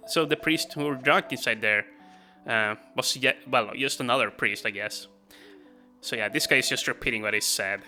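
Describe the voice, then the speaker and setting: A man talks through his game in a loose, rambling way, laughing often and filling the pauses with ums. His voice is very bright, and soft music plays faintly underneath. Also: mid-range voice. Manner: chatty, rambling, laughs often, hesitant fillers. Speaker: let's play commentator. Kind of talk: casual game commentary.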